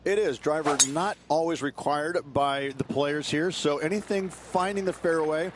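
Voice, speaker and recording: A man's voice: a little high, moderate pace, background noise. Chatty man giving golf color commentary. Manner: chatty and easygoing, laughs often.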